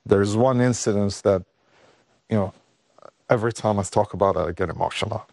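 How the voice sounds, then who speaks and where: A male guest, not an English speaker, recounting a personal story with halting restarts, his voice rising when he is moved. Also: lowish voice, gravelly, a little mellow, dry recording, studio quality.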